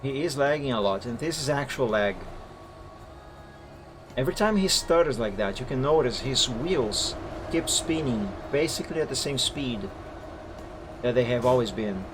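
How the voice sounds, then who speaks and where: A man's voice: mid-range voice, expressive, normal speed, pauses often, a little hiss or hum. A man streaming live who moderates a game server and methodically explains recorded gameplay footage step by step. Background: faint background music.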